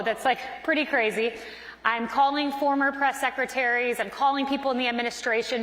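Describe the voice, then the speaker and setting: A woman in her thirties speaks from a conference stage, earnestly telling a personal story and acting out the lines of the people in it. Her voice sits a little high. The sound rings through a large hall with a long reverb tail. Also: a bit bright. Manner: earnest storytelling with quoted dialogue.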